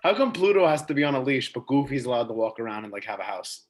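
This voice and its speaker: A man's voice: mid-range voice, sing-song, fast. A young man co-hosting a podcast in casual chat over a video call, jokey and rambling. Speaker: podcast co-host.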